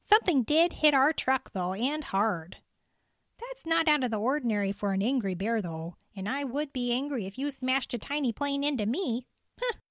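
A woman's voice: sits high, expressive, moderate pace, a bit bright, dry recording, studio quality, voice pushed up. A woman voicing a practical female forest ranger who talks in a wry, matter-of-fact way.

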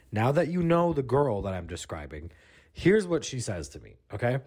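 Brief: young male comic host, husky, swearing, chatty rambler, lively pitch. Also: moderate pace. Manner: profane, chatty, many restarts and "you know what I mean". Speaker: comedy podcast host.

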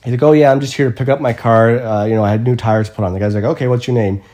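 A man's voice: medium pitch, fairly even intonation, rapid-fire, warm tone. A man casually telling a funny everyday story in a chat, self-mocking and swearing now and then.

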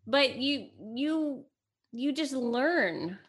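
Middle-aged woman, Italian first language, animated chatty storyteller, guest mother on a home-made chat show. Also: sits high, extremely slow. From United States. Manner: lively storyteller, acts out quotes. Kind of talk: casual chat. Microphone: camera mic in home setting.

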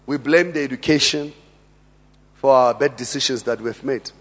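A South African man preaching a sermon in a large church hall, emphatic, with quiet asides and sudden loud bursts. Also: mid-range voice, normal speed. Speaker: pastor. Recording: long reverb of a church hall.

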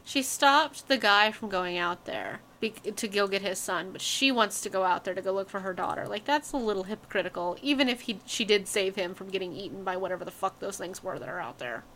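A woman's voice: medium pitch, fairly quick, hardly any pauses, fairly bright tone, a little hiss or hum. A woman chatting casually while watching a horror movie, blunt and swearing freely, often laughing. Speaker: co-host reacting to a film. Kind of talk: casual movie-reaction chat.

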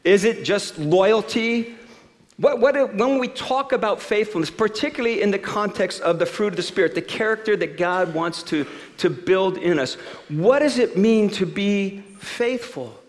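A man giving a sermon, reading a rhyming story aloud in a rhythmic, expressive way before turning to scripture. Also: sits high, normal speed, long reverb tail. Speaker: pastor.

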